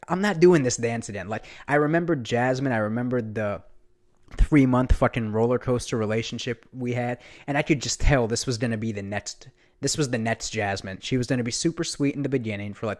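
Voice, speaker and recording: A young man vlogging, telling a casual story in a rambling, animated way, full of restarts and swearing. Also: mid-range voice.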